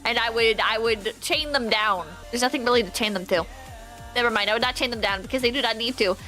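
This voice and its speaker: A woman's voice: a little high, fast, sharp tone, soft background music. A woman streamer in casual livestream commentary, rambling and joking with plenty of swearing. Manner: profane, rambling, jokey.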